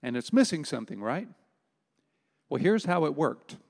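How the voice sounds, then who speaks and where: Emphatic preacher in a reverberant hall. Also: male voice, fairly high pitch, very animated, creaky. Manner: emphatic, slows down to stress key words. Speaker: pastor. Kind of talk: sermon.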